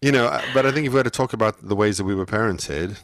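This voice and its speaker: Deep-voiced man from South Africa, musing. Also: rapid-fire, a bit bright, no room sound, studio quality. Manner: reflective, self-deprecating, many restarts. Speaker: podcast co-host. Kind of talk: casual parenting podcast chat.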